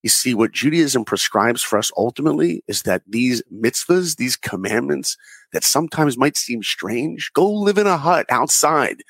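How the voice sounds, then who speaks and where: A man in his forties tells stories earnestly in a podcast interview and acts out the people he quotes. His voice is husky, and the room sounds dry and close. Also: medium pitch, expressive, moderate pace, a bit bright, dry recording. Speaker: guest animator and director.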